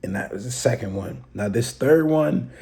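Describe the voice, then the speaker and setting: A man's voice: medium pitch, expressive, moderate pace, vocal fry, warm tone. A young man hosting a podcast, telling a fight story in casual slang and acting out quotes and sound effects. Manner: slangy, street talk. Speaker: podcast host.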